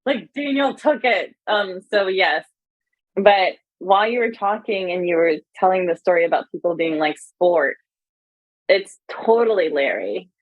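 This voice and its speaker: Woman guest, low-pitched, animated and candid, heard over a tinny phone line. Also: measured pace, no echo. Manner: candid, animated retelling with many fillers. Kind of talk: conversational interview.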